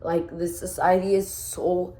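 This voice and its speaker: A woman's voice: on the low side, little pitch movement, measured pace, mellow. A young woman in her twenties telling a vlog story, rambling and shaken, with lots of fillers and restarts. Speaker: vlogger. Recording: echoey room.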